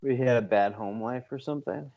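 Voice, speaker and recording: A man co-hosting a podcast in casual chat, reading items out in a deadpan, drawn-out way. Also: medium pitch, dull audio. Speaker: podcast co-host.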